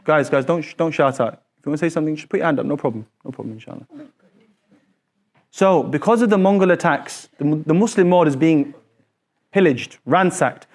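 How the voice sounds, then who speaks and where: A man teaching a classroom lesson, quizzing his students with quick repeated questions in an animated way. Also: on the high side.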